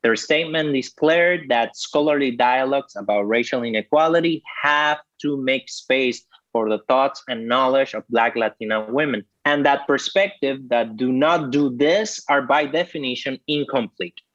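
A man co-hosting an academic podcast, reading a script in a measured way. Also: medium pitch, a bit bright, no echo, lo-fi sound. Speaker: podcast co-host, professor.

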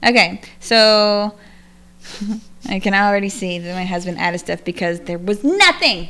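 Casting: woman in her thirties, podcast co-host, bright crisp voice, rambling chatty delivery. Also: medium pitch, expressive, unhurried. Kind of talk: casual chat.

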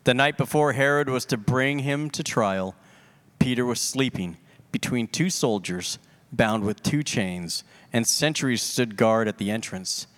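A man reading a scripture passage aloud in a church service, with a measured delivery. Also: medium pitch, animated, a bit bright. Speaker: scripture reader. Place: church sanctuary.

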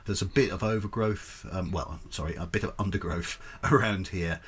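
A man's voice: deep voice, normal speed, slight background noise. A man narrating as game master of a tabletop game, rambling with ums and self-corrections.

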